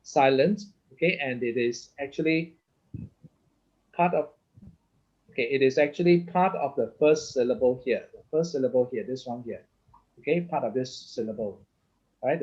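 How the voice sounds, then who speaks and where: A man with a mid-pitched voice teaches a lesson, checking in constantly with "okay?" and "right?". He restarts his sentences often as he explains each step. The recording sounds slightly dull and lo-fi. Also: a little mellow, slightly rough. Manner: halting, many restarts, keeps asking okay. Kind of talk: lesson explaining Hebrew vowel points.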